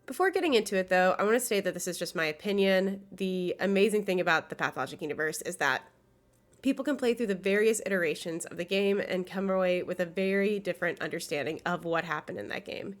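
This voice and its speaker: A young woman speaks quickly in a lowish voice, congested and nasal from illness, as she hosts a scripted video essay. She comes across as earnest and enthusiastic and uses a filler here and there.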